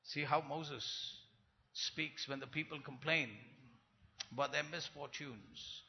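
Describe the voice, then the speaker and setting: A man preaching a sermon in an animated way, rising to loud emphasis and acting out the complaints he quotes. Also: a little high, slow pace, gravelly. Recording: muffled sound with long hall reverb.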